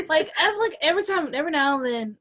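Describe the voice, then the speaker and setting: A woman from Alabama telling lively stories in a casual group video call, full of fillers and laughs. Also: high voice, fast talker. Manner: animated, laughing storyteller with many fillers. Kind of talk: casual group chat, storytelling. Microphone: computer or headset mic on a video call.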